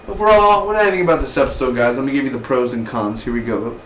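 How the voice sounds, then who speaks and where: A man giving a casual, excitable spoken TV review, full of slang and mock voices for the characters. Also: medium pitch, fast talker, roomy sound, slight background noise, poor audio. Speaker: TV show reviewer.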